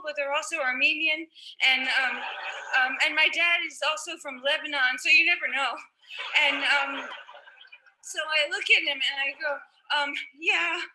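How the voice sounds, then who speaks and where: A young woman telling a personal story out loud, halting often with fillers and restarts. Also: high-pitched, low-quality recording.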